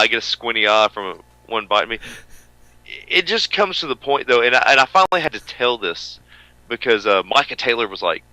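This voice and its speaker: A man co-hosting a wrestling radio show, with a booming voice that swings between hollering and low mutters. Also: sharp tone, no room sound, poor audio. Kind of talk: loud rambling radio banter.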